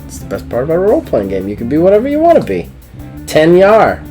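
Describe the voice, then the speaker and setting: A playful father acts as game master for a child, his voice lively and bouncing in pitch. He narrates and encourages in an easy, casual manner. Soft guitar music plays faintly underneath. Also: fast. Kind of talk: family tabletop game narration.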